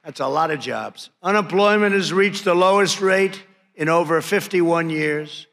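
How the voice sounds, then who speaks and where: Crowd and room noise and hall reverb fill this recording of a political rally in a big conference hall, where a man in his 70s speaks from a podium mic. His slightly high, fairly bright voice moves unhurriedly as he boasts, mocks, repeats his punchlines and throws out nicknames.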